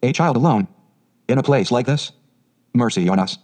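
A man's voice: mid-range voice, moderate pace, darkish tone, close to an everyday voice. A man reading as a startled grown man. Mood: shocked. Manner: exclaiming, shocked. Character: startled grown man finding a lost child.

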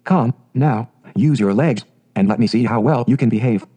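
A man voicing a fretful, prim mother duck in a storybook reading, with a mellow voice. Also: medium pitch, moderate pace, husky, natural voice. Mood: instructive. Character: fussy proud mother duck.

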